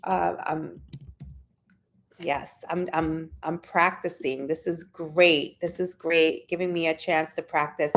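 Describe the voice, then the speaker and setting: Hosting a laid-back live stream, a woman chats with her audience and calls out viewers by name, now and then letting out a sudden, high-pitched squeal of excitement.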